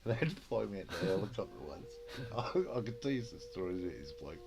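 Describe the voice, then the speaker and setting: A man's voice: on the low side, sing-song, fast, vocal fry. A man with an Australian accent telling rambling stories in a casual chat, swearing freely and acting out what people said. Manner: rambling, swears freely, acts out quoted dialogue. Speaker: storyteller.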